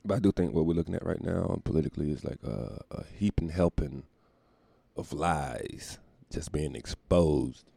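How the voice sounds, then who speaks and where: A man's voice: extremely low pitch, normal speed, vocal fry, mellow, husky, dry recording. A man delivering a casual comedic rant, profane and rambling, often laughing and slipping into mock voices. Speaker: comedic commentator.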